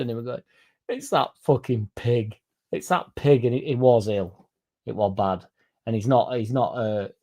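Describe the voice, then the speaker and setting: A man's voice: mid-range voice, mellow. A young man hosting a casual livestream, reading out comments and going off on sweary, rambling tangents. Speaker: fan channel livestream host.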